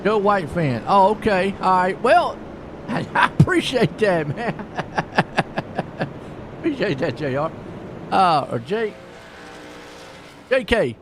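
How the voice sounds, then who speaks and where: A man giving live play-by-play on a sim race, folksy and excitable, chatting with viewers between calls. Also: high-pitched, takes it slowly, long pauses. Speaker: sim racing commentator. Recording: noisy stream with car engine sound.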